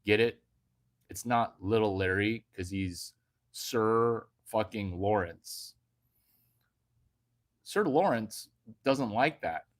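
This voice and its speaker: A man doing a brash stand-up monologue, jumping from hushed asides to sudden loud outbursts. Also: on the low side, slow, pauses often. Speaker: comedian.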